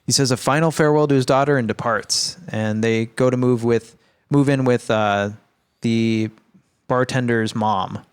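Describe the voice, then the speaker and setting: A man's voice: mid-range voice, fairly even intonation, normal speed, clear, resonant tone. A man co-hosting a podcast, casually recapping a film in a rambling, profane, laid-back way. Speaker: podcast co-host.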